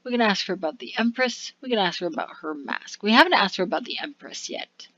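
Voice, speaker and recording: A woman hosting a let's play, reading the game's text aloud slowly and muttering asides about her choices. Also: medium pitch, lively intonation, fairly bright tone, dry recording, lo-fi sound. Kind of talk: game commentary reading on-screen text aloud.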